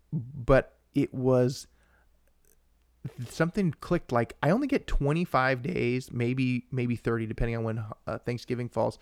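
Excitable man chatting on a podcast. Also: mid-range voice, clean tone, no echo, studio quality. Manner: rambling and excitable, with frequent restarts and asides to viewers. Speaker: podcast co-host. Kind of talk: casual live-stream chat.

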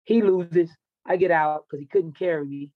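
A man's voice: a little high, moderate pace, dry recording, phone-quality sound. A man who coaches wrestling tells a raw personal story in an interview, intense, confessional and full of swearing.

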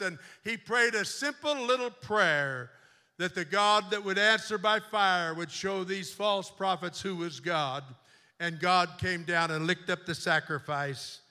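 A man preaching a sermon as a bishop, moving from quiet storytelling to loud, fervent exhortation in a church sanctuary. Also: high voice, clean tone. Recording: long church reverb.

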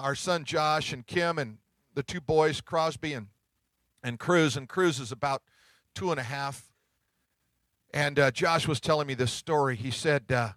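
A middle-aged man pastor giving a sermon, telling stories in a conversational way and dropping to hushed tones at tender moments. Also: a little high, dry recording. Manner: conversational storytelling preaching, drops to hushed tones.

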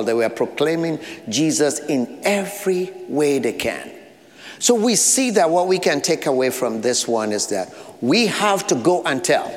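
Man, African accent, pastor, earnest sermon, repeated short phrases, reverberant church hall. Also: a little high. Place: church sanctuary.

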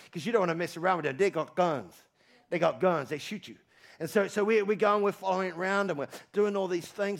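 A male pastor preaching a sermon to a congregation, repeating phrases with emphasis, swinging from loud calls to low, quiet lines. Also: fast, creaky. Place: church hall with congregation.

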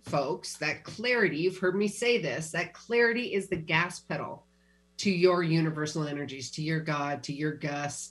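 A woman's voice: deep voice, fairly bright tone. A woman hosting a podcast interview, speaking in an encouraging way and addressing her listeners directly. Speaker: podcast host.

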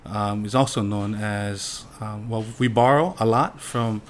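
A man's voice: lowish voice, fairly even intonation, a little slow, slight background noise. A man from Hawaii, a farmer and father, speaking as a podcast guest in a humble, earnest way and laughing easily. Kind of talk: casual podcast interview.

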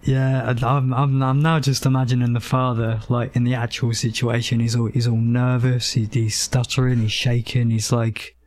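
A man's voice: medium pitch, flat delivery, moderate pace, hardly any pauses, a little mellow, dry recording. A man in a casual podcast discussion, talking hesitantly and restarting his sentences often. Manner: hesitant, many restarts and hedges. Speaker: podcast co-host.

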